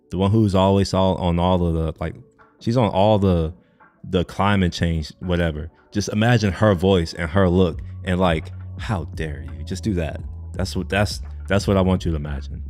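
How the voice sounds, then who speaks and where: A young man with a deep, low voice talks loosely into a desk mic, rambling, joking and swearing off-handedly. Faint music plays behind him as he chats on a live stream. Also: darkish tone. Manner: rambling, jokey, swears casually. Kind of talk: casual live stream chat.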